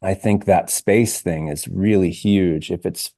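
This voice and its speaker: Earnest guy about fifty, low mellow voice, dry close sound, stops and restarts a lot. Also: dry recording. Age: around 50. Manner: earnest, halting, with many restarts and "like". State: emotional, near tears. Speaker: podcast guest, singer-songwriter. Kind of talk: reflective interview conversation.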